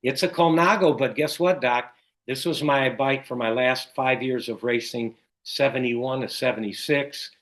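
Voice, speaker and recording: An older man from Chicago, a guest telling stories in an interview with lots of animated retelling. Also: mid-range voice, moderate pace, low-quality recording. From Chicago, USA. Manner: animated storyteller who acts out quoted dialogue. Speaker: guest, cycling race announcer. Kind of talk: casual storytelling in an interview.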